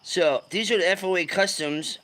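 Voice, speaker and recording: A man hosting a fishing livestream, chatting casually and loudly greeting viewers with slang. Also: sits high, moderate pace. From California.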